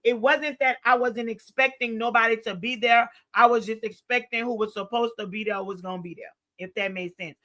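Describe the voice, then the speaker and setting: A woman in her forties in a casual chat as co-host, expressive and teasing. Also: fairly high pitch, fairly quick, few pauses.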